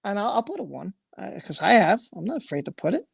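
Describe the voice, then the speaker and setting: Gravelly man hosting an emotional livestream. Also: high voice, sing-song, fast, no room sound. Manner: earnest and emotional, swears freely, repeats phrases. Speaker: livestream host. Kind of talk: emotional livestream chat, reading comments aloud.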